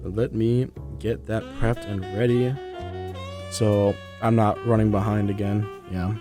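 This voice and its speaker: A man's voice: lowish voice, level tone, unhurried, music in the background. A young man hosting a student radio podcast, short of breath and congested, chatting loosely with many fillers before reading the news. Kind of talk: casual chat, then news reading.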